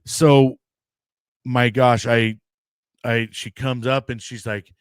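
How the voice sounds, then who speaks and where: An American man, a podcast host, rambles through a casual story, animated and acting out quoted voices. His voice is medium-pitched and slow with a clean tone, recorded dry at studio quality.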